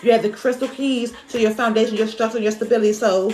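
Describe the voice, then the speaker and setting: A woman's voice: on the high side, fairly even intonation, fast talker, darkish tone. Woman, tarot reader, casual and emotional, repeats herself a lot, echoey room, faint music. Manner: repetitive, encouraging, emotional, colloquial. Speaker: live-stream tarot reader. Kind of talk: casual spiritual card reading.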